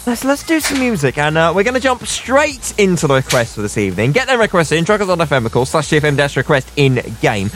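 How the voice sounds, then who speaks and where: A man's voice: a little high, sing-song, fast, hardly any pauses, fairly bright tone, soft background music. A man hosting an online radio show, chatting casually and plugging listener requests. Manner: chatty, upbeat, plugs requests.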